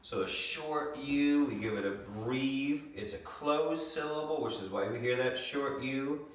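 A young man teaching a second grade lesson from home, patiently sounding out words slowly. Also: medium pitch. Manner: patient, slow, stretches out words to sound them. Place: home room. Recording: echoey room, mic far off.

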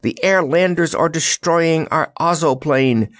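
A man's voice: on the high side, huge pitch swings, slow pace, gravelly, no room sound, studio quality, voice pushed up, exaggerated voice. A man voicing an earnest, kindly male scarecrow in a storybook reading. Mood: earnest fussy.

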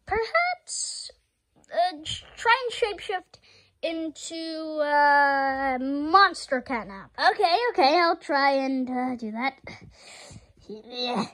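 A woman's voice: high-pitched, expressive, takes it slowly, fairly bright tone, full character voice, low-quality recording. A woman voicing a playful cat monster toy in a homemade toy movie, chatting and wondering aloud as it tests its powers. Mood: curious.

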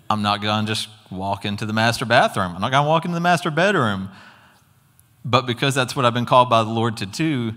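A man's voice: on the low side, bright, forceful tone. A man giving an earnest, conversational sermon testimony with casual asides. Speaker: preacher. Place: church hall. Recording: long hall reverb.

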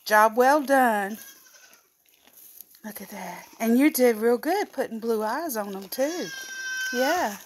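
High-voiced woman cooing to goats. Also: animated, measured pace, darkish tone, breathy edge. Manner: cooing, affectionate baby talk to goats. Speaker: goat breeder and vlogger. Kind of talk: casual chat to her animals.

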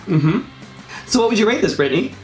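A woman's voice: mid-range voice, sing-song, fast talker, a little mellow. A woman hosting a casual taste-test video, upbeat and laughing often between bites. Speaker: host. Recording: echoey room with faint music.

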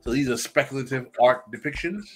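A man with a mid-range voice, a podcast guest who explains things steadily and methodically. His tone is measured and lecturing, and he is heard over a video call. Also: medium pitch, a bit bright, rough recording. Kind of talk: explanatory discussion.

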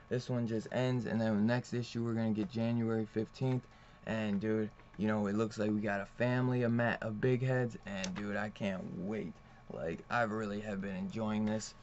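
A man's voice: lowish voice, a little mellow, slight background noise. Rambling profane comic reviewer, man. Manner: loose, profane, laughs often. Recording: dull lo-fi recording.

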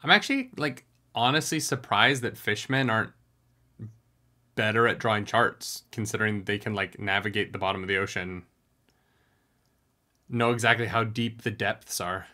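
Bright, upbeat young man reacting to anime. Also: fairly low pitch, normal speed, pauses often. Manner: energetic, bursts into loud singing along. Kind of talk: casual reaction commentary. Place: home recording room.

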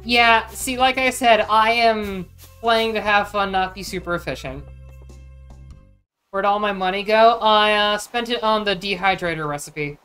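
A woman's voice: mid-range voice, unhurried, fairly bright tone, clear, resonant tone, soft background music. A woman streamer chatting casually and thinking aloud as she plays a game. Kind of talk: casual gameplay chat.

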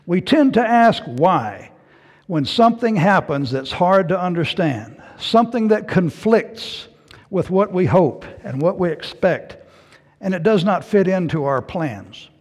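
A man preaches a sermon with a bright, high voice that leaps up and down in pitch. His words ring out through a long, echoing reverb. As pastor, he lends a hushed, pleading tone to the questioners from scripture.

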